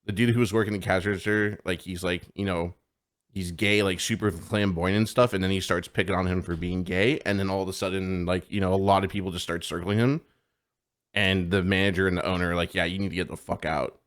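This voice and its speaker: A man with a fairly low voice chatting on a live podcast. He rambles through a story full of filler words and swearing, laughing along at his own anecdote in a loose, casual chat. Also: flat delivery, brisk. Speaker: podcast co-host. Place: home streaming setup.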